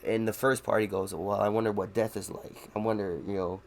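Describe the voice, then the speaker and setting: A man with a low, gravelly voice rambles through a casual podcast conversation. He laughs often and swears without a second thought. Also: fairly even intonation, brisk, slight background noise. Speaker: podcast co-host. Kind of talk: casual chat.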